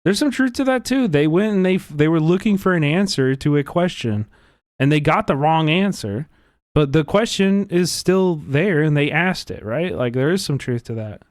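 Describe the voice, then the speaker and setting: A man talks casually on a livestream, rambling and earnest with plenty of fillers. His voice sits a bit high, and the sound is dry and close, with no room around it. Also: lively intonation, moderate pace, a little mellow, no room sound. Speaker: livestream host.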